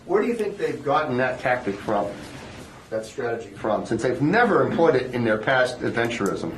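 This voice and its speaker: A man's voice: mid-range voice, sing-song, moderate pace, slight background noise. A man speaking as a reporter, asking long, probing questions at a press briefing. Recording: echoey briefing room.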